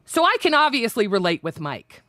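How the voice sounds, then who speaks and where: A woman's voice: fairly high pitch, very animated, fairly quick, sharp tone, dry recording, clean studio sound. A woman co-hosting a reaction livestream, ranting in an indignant, profane way. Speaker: livestream co-host. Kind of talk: heated reaction livestream rant.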